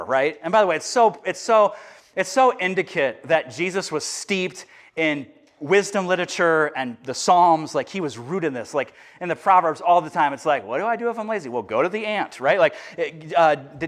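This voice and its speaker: Pastor guy with a high voice, chatty animated sermon, lots of likes and restarts. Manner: conversational, animated, many restarts and fillers.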